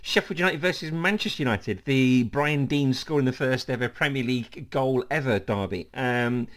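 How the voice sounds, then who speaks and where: A man hosts a casual football podcast, chatting away with plenty of "um"s and laughter. His mid-range voice moves at normal speed and has a slightly bright quality.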